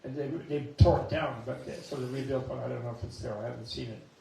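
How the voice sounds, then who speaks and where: A man with a raspy, gravelly voice pitched a little high gives a Buddhist talk, telling animated stories with chuckling asides. He sounds distant from the mic. A long, booming hall echo surrounds every word. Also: fast talker, a little hiss or hum. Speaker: Buddhist scholar giving a talk. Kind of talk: dharma talk with anecdotes. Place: temple hall.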